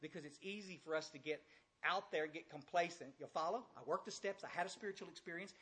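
A blunt older man with a drawl speaks to a large audience in a folksy recovery talk. His voice is husky and sits a little high for a man. He keeps repeating phrases and throwing direct questions out to the room. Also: fast talker, pushed and bright. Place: large room with a few hundred listeners.

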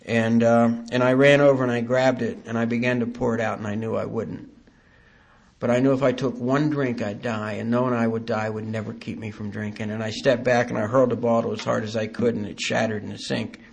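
A man giving a halting, earnest personal testimony at a recovery meeting, with dry self-deprecating humor. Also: mid-range voice, level tone, creaky.

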